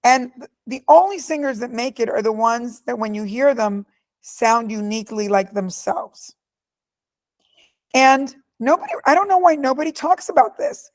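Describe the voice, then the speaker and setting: A middle-aged woman answering interview questions. Her voice sits a little high, and she talks with force and emphasis, telling stories from her own life. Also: lively intonation, normal speed. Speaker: guest speaker.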